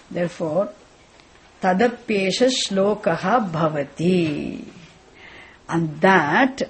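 Breathy woman teaching a scripture class. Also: on the low side. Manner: repetitive, questioning, restarts phrases. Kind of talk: classroom lecture.

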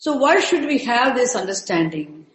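A woman giving a spiritual lecture, slowly repeating terms and breaking Sanskrit words into parts. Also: on the high side, very animated, roomy sound, low-quality recording. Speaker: teacher of Sanskrit scripture. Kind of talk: slow, repetitive spiritual lecture.

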